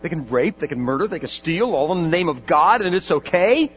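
A man's voice: fairly high pitch, big pitch swings, brisk. A man voicing a desperate dying man who pleads for answers about forgiveness. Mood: agitated. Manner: pleading, agitated, insistent. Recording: dull lo-fi with mains hum.

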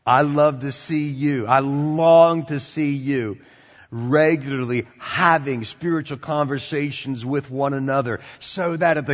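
A male pastor preaching a sermon, swinging from loud animated passages to quiet conversational asides. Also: medium pitch, in a large hall, muffled recording. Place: church sanctuary.

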